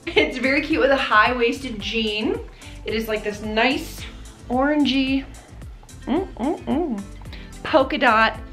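A woman's voice: a little high, fairly bright tone. A woman in her thirties chatting casually about clothes in a bubbly way, laughing often. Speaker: fashion vlogger. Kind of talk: casual try-on haul chat. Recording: echoey room, faint background music.

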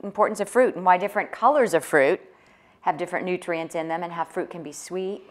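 A woman's voice: lowish voice, fairly quick. Cheerful chicago woman co-host, cooking show banter, asks lots of questions.

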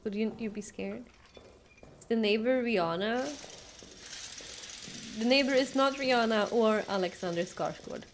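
A woman's voice: on the high side, normal speed, long pauses, slight background noise. A young woman streaming a game, chatting casually with her viewers, asking them questions and laughing often. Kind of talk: casual live-stream chat while playing.

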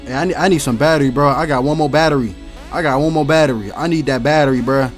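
A young man doing loud, slangy, excitable let's-play commentary, swearing and shouting at game characters. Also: on the high side, quick pace, soft background music. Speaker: gaming YouTuber.

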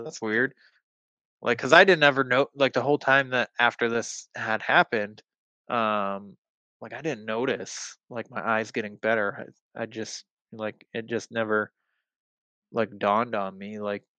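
Rambling man, bright clear voice. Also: mid-range voice, steady tone, normal speed, no room sound, dull audio. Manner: rambling, many fillers, swearing. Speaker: guest. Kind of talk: casual storytelling.

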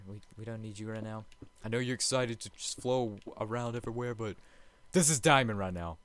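A man hosting a let's play, chatty and jokey, swinging from hushed murmurs to loud excited outbursts. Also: mid-range voice, smooth, no room sound. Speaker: gaming channel host.

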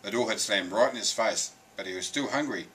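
Brief: a low, bright-voiced male storyteller, lively and expressive. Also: fairly quick, slight background noise, rough recording. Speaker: reader. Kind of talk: reading a picture book aloud.

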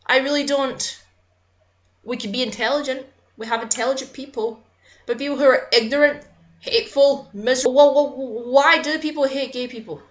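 High-voiced impassioned woman ranting. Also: muffled recording. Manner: impassioned, swearing, apologizing for getting angry. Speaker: YouTuber. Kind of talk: personal vlog rant.

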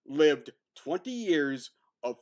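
A man co-hosting a casual film review podcast, talking with animated, profane energy. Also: a little high, slow. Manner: profane, animated, mocking impressions. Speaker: podcast co-host.

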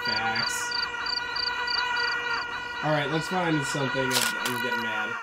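A young man giving casual, excitable let's-play commentary as a gaming channel host, reacting loudly as he plays. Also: mid-range voice, takes it slowly, long pauses, heavy background noise. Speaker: gaming YouTuber. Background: loud game music.

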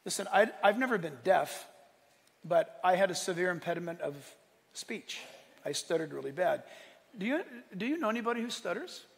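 A man preaching in a big church auditorium with a high, gravelly voice. He is animated, breaking into laughter and dropping to hushed asides between loud exclamations. His voice carries a long reverb through the hall. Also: moderate pace. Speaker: pastor. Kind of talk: sermon.

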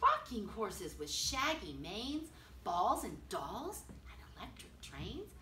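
An older woman reading a picture book aloud to children in an expressive, sing-song way, stopping to ask them questions. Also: mid-range voice, takes it slowly. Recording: roomy, from a distance, faint noise.

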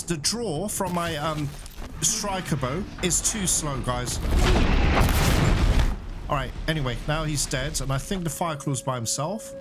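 A man giving chatty let's-play commentary on a game, excitable and quick to panic and laugh. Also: on the high side. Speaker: gaming YouTuber. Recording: game music playing loud behind the voice.

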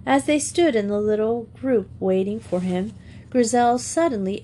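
A woman reading a classic children's novel aloud in a steady, clear storytelling manner. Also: a little high, normal speed, a little hiss or hum. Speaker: audiobook reader.

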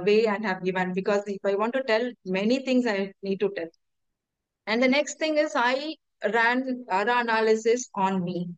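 A woman's voice: a little high, clear, resonant tone, dry recording, low-quality recording. A middle-aged woman, giving an earnest, hesitant personal testimonial and often repeating her words. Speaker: testimonial speaker.

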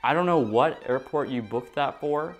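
A man doing a courteous British airport attendant, calm, quietly firm, slow and careful on the bad news, with faint guitar music playing behind. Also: mid-range voice, lightly acted. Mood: polite. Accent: British, put on.

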